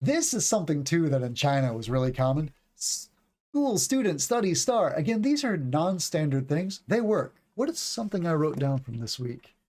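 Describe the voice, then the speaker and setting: A man's voice: a little high, very animated, normal speed, a little mellow. A man in his forties, an English teacher giving a casual livestream lesson, chatty and rambling, stretching out words to show stress and intonation. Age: 40s.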